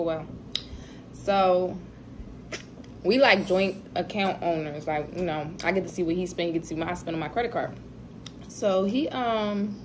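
A woman's voice: medium pitch, slight background noise, poor audio. A young woman chatting casually to her viewers while eating, telling a story with laughs. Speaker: vlogger, mother.

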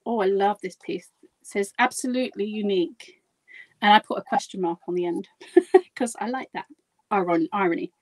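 A woman's voice: mid-range voice, fairly quick, no room sound, rough recording. A woman guiding a live craft demonstration, chatty, giggly and poking fun at herself as she works. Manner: chatty, giggly and self-deprecating. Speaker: guest crafter demonstrating a project.

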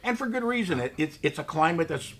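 A man's voice: on the high side, big pitch swings, fast, a bit bright. A man co-hosting a wine tasting, talking in an enthusiastic, jokey, casual way. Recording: noisy background.

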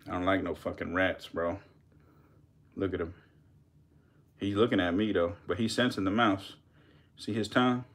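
A young man, giving loud, profane, laughing commentary as a channel host on a casual live stream. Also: deep voice, steady tone, moderate pace, pauses often. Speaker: channel host feeding snakes.

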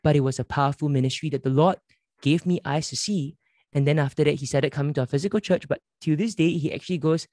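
A man with a fairly high-pitched voice leads a church workshop and tells stories with earnest conviction. He slips into the voices of the people in his anecdotes. His voice is recorded close and dry, with almost no room sound. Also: fast talker, a little mellow, no echo. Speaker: church leader giving a workshop. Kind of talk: conference workshop talk with storytelling.

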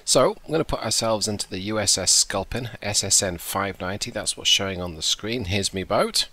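A man's voice: on the low side, fairly quick, pushed and bright. A man casually commenting on his own submarine gameplay, chatty and self-deprecating, thinking aloud. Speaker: game video host.

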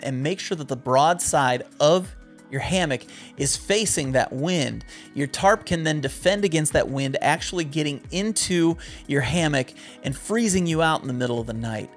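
A man hosting a backpacking vlog, earnestly explaining how to keep warm when hammock camping. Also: fairly high pitch. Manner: earnest and instructive, stumbles and jokes in bloopers. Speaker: backpacking YouTuber. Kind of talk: outdoor gear how-to vlog.

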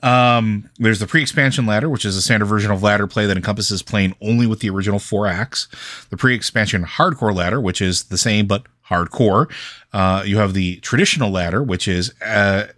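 A man with a lowish voice talks casually through gaming news on a podcast, drifting and restarting his sentences with plenty of fillers. The sound is dry and close, with no room around it. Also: brisk, fairly bright tone, dry recording. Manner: rambling, many fillers and restarts. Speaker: podcast co-host.

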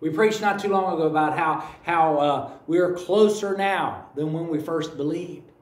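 The recording comes from a distance in an echoey church sanctuary, where a man with a Kentucky accent, a pastor from the United States, preaches. His voice runs on the high side at a moderate pace as he tells folksy stories, repeating phrases.

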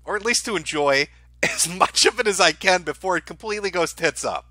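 A man's voice: high-pitched, animated, a little fast, pushed and bright, no room sound. A man hosting a live stream, ranting in a profane, heated way. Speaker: streamer host.

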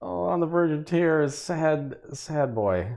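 A man's voice: a little high, lively intonation, slow, vocal fry, darkish tone. A man streaming a game and chatting casually, laughing often and exclaiming at what happens on screen. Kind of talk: casual gameplay commentary.

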